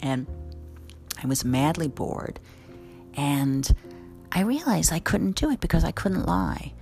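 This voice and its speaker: Low, gravelly woman telling a story. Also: takes it slowly, faint music behind. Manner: candid, wry, animated storytelling. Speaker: caterer and event planner. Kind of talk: casual storytelling monologue.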